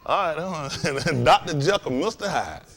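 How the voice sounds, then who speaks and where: A man hosting a casual lesson stream. He tells stories in an animated, laughing way. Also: on the high side, unhurried, slight background noise. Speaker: host and teacher. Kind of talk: casual joking lesson talk.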